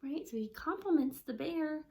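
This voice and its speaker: A woman speech-language pathologist teaching parents with a children's book, animated and encouraging, often asking questions. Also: high voice, moderate pace.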